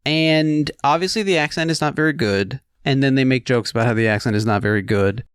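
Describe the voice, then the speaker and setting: A man's voice: medium pitch, brisk, clean tone, no echo, clean studio sound. A man hosting a podcast in casual chat, rambling and joking at his own expense. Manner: jokey, self-deprecating, rambling asides. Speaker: podcast host.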